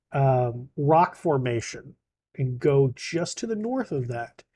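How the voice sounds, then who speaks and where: A woman narrating as game master in a tabletop game, casual and lively, swearing freely. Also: low-pitched, a little hiss or hum.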